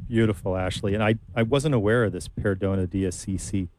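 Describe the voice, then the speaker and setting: A man hosting a conversational talk program, speaking in a relaxed, unhurried way with frequent ums and uhs. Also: on the low side, a little hiss or hum. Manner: relaxed, hesitant with many fillers. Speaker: host. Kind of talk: casual radio talk.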